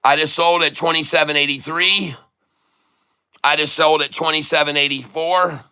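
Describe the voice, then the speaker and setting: Bright-voiced man telling rambling stories. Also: fairly high pitch, steady tone, moderate pace, clear, resonant tone. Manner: rambling, chatty anecdote telling with many restarts. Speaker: livestream day trader and channel host. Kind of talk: casual livestream storytelling.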